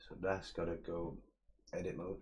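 Man, young, deep low voice, casual streaming tutorial, muttered steps, slang and swearing, faint background noise. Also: level tone, moderate pace, a little mellow. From England. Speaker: 3D modelling streamer. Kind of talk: casual live-stream tutorial, chatting with viewers.

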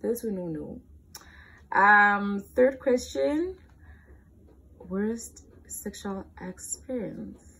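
Young woman, late teens, South African accent, slow and drawn-out, creaky fry, candid chatty vlogger. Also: mid-range voice, fairly bright tone, a little hiss or hum. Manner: candid, chatty, playful, self-teasing. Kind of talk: casual Q&A vlog.

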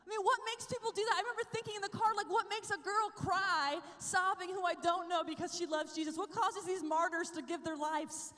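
A young woman giving an animated talk at a youth conference, telling her story, sometimes whispering and sometimes shouting. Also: extremely high pitch, fairly quick, few pauses. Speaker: conference speaker. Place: large hall. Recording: long hall reverb.

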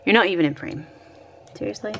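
A woman's voice: mid-range voice, brisk, gravelly, a little hiss or hum. A Scottish woman vlogging at home, chatting and thinking aloud while she decorates her planner, often poking fun at herself.

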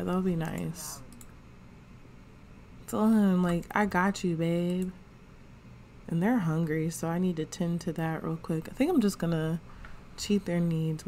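Playing a life-sim game, a female gaming host keeps up chatty, slangy let's play commentary and puts thoughts into her characters' heads. Her voice sits fairly low with a dark tone, and a little hiss or hum can be heard.

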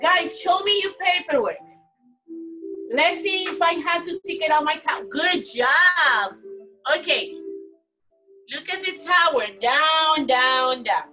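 A woman teaching young children in an online class, coaxing and praising them in simple, animated phrases. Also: high-pitched, slow pace, long pauses, recorded from a distance, over music, poor audio. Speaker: preschool teacher.

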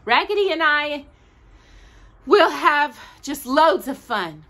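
A woman voicing an excited little girl in a storybook, gushing with thanks. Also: high-pitched, slow, voice pushed up, exaggerated voice. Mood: overjoyed. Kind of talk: storybook read-aloud.

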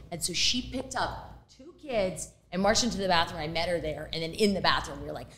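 A woman's voice: lowish voice, a little fast, a bit bright. A woman in her fifties, a podcast guest, telling candid stories in casual chat and swearing freely.

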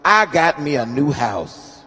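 A man in his fifties with a notably high voice preaches at a funeral service, pulling the congregation into call and response. He shifts from quiet, talky asides into loud, chanting scripture readings. A long reverb from the chapel hangs on every phrase. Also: big pitch swings, takes it slowly, slightly rough, faint music behind. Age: 50s. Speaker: guest preacher. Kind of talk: sermon at a homegoing service.

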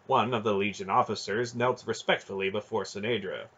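Male fantasy audiobook narrator, low husky voice, muffled lo-fi recording. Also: fairly quick, few pauses. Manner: dramatic storybook narration, expressive. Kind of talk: fan audiobook reading.

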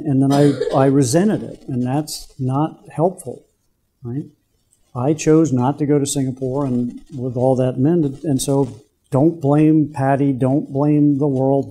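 An older man giving a guest lecture to students, telling business stories from his career and pausing to quiz the audience. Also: mid-range voice, mellow, slightly rough. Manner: anecdotal, quizzes the audience. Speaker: guest speaker, business executive. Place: university lecture room.

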